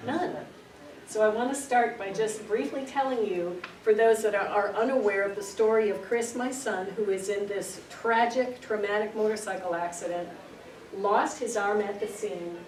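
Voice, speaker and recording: A woman's voice: mid-range voice, moderate pace, a little mellow. A middle-aged woman giving an earnest, storytelling spiritual talk to a group, repeating words for emphasis. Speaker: spiritual speaker. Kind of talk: informal spiritual teaching to a group. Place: meeting room. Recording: echoey room, distant mic, noisy.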